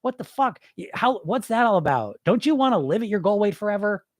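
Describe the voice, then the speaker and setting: A man delivers a blunt, profane coaching rant, his fairly high voice swinging widely as he fires off rhetorical questions. The sound is close and dry, with no room around it. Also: sing-song, fairly quick, a little mellow, no room sound. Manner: mimics listeners' excuses mid-rant. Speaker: podcast host, weight-loss coach. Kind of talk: solo podcast monologue.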